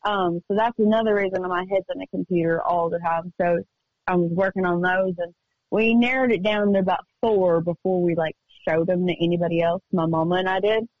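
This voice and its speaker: A woman's voice: lowish voice, fairly even intonation, no room sound. Chatty upbeat woman, dry dull audio. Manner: chatty, upbeat, quick storytelling. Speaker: guest singer-songwriter. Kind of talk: casual radio interview chat. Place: remote call from home studio.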